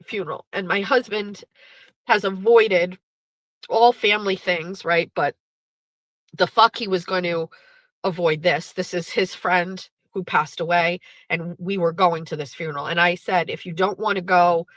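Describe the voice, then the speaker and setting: A woman's voice: on the low side, fairly even intonation, measured pace, fairly bright tone, no echo, poor audio. Blunt, profane woman telling a story. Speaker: podcast host. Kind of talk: candid storytelling.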